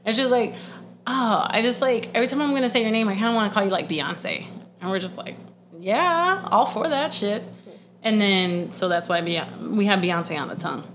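Profane, animated woman podcaster. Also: mid-range voice, a little fast, a little hiss or hum. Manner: blunt, profane, animated storytelling. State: congested. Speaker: podcast co-host. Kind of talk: casual podcast chat.

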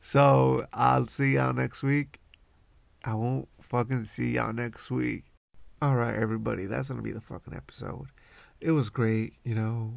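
A man's voice: mid-range voice, steady tone, unhurried, vocal fry, dry recording. A man hosting a podcast, rambling casually and swearing constantly in a laid-back way. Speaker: podcast host.

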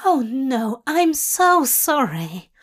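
A woman voicing a fussy, gentle male angel who speaks in a prim, precise, pleading way. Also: high voice, very animated, drawn-out words, pitched above the performer's own voice, heavily acted. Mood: fretful.

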